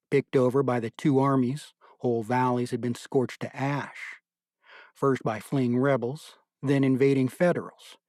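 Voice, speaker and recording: A man narrating an audiobook in a measured, deliberate storytelling manner. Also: mid-range voice, a little mellow, no echo, studio quality.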